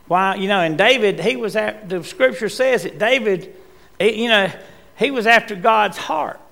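A man preaching a sermon in a church, rising to impassioned cries and then dropping quiet. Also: high-pitched, creaky. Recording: long reverb in a church hall.

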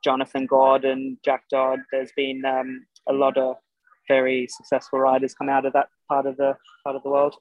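A young Australian man with an Irish-tinged accent, a showjumping guest chatting casually, halting with many fillers and restarts. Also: mid-range voice, completely flat delivery, dry recording. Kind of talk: casual interview chat. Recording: dull lo-fi podcast sound.

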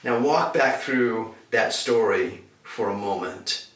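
A male pastor preaching a sermon and retelling scripture as an animated story, heard from a distance in an echoey room. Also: mid-range voice, slow.

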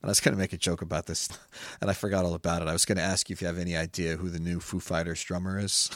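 A man's voice: low voice, rapid-fire, dry recording, clean studio sound. A man co-hosting a podcast in casual chat, telling stories with animation and frequent laughs. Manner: animated storytelling, laughs often. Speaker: podcast co-host.

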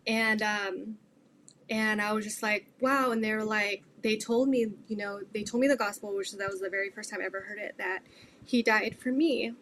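A woman's voice: mid-range voice, steady tone, normal speed, a bit bright, a little hiss or hum. A middle-aged woman earnestly telling her faith testimony in an interview, rambling with many fillers. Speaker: guest sharing her testimony.

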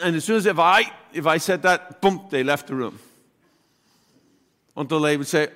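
A priest with a slightly high voice preaches to his congregation in a loose, conversational manner, full of pauses and restarts. He slips into the voices of the people in his anecdotes, and his words ring out with a long reverb through the church. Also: expressive, fairly bright tone. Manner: chatty, halting, acts out voices in his story. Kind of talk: homily with personal storytelling.

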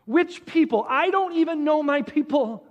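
A man's voice: very high voice, big pitch swings, measured pace, lo-fi sound, full character voice. A man voicing Moses as a doubtful, anxious man who questions himself, while telling a story in a sermon. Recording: long hall reverb.

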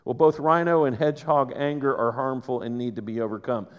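A man preaching a sermon, conversational and animated, with quick asides to the congregation. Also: mid-range voice, clean tone, lo-fi sound. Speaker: pastor. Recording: reverberant church hall.

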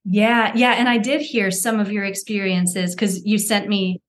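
Woman, podcast host, mid-pitched, eager, curious, casual interview. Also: fairly even intonation, measured pace.

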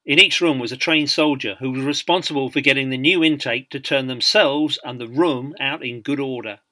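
A man narrating a biography in an audiobook, measured and dryly humorous. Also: medium pitch, sharp tone.

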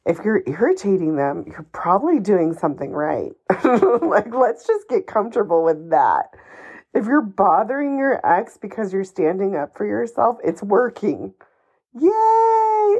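A woman hosts a solo advice podcast, speaking emphatically and encouragingly, a bit ranty, and swearing casually. Her voice is medium-pitched, slightly mellow, and husky.

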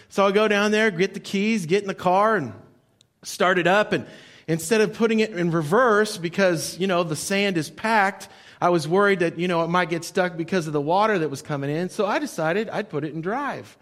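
High-voiced storytelling pastor. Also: male voice, moderate pace, fairly bright tone. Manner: conversational storytelling, repeats key points. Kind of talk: sermon.

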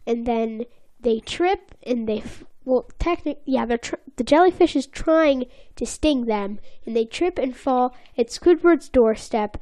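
A woman's voice: fairly high pitch, expressive, measured pace, warm tone. A woman co-hosting a casual podcast, playfully teasing and retelling cartoon scenes in detail. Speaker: podcast co-host. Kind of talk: casual episode recap chat.

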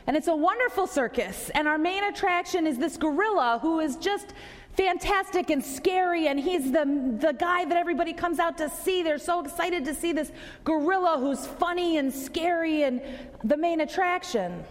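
A woman voicing an excitable, boastful male circus owner in a joke. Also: very high-pitched, moderate pace, in a large hall, voice pushed up. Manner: enthusiastic, boastful.

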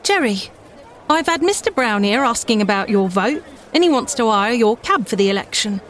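A woman's voice: fairly high pitch, big pitch swings, normal speed, fairly bright tone, slight background noise. A woman reading a storybook, voicing a plain, matter-of-fact wife in her own voice. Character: cab driver's wife, practical and mild.

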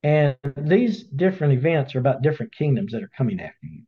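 Animated man telling a Bible story. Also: medium pitch, quick pace, phone-quality sound. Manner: animated storyteller who acts out voices. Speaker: Bible study teacher. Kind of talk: casual Bible story retelling in a webinar.

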